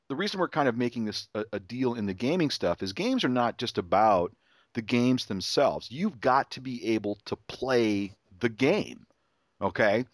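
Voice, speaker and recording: A man's voice: mid-range voice, no echo, clean studio sound. A middle-aged man, a podcast host, telling a rambling story in casual chat, restarting sentences and acting out his son's voice.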